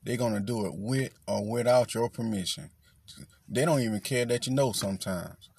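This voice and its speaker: A man's voice: mid-range voice, moderate pace, gravelly, darkish tone, breathy edge. A man hosting his own podcast, giving a blunt, profane, lecturing solo rant. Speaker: podcast host.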